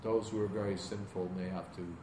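A man teaching a question-and-answer class, explaining calmly in plain words with rising emphasis. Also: low voice, brisk. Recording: echoey room with background noise.

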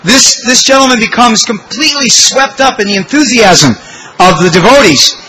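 Man, devotional speaker, storytelling sermon, very high bright voice, animated. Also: normal speed, rough recording. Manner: animated, exclamatory, acts out quotes.

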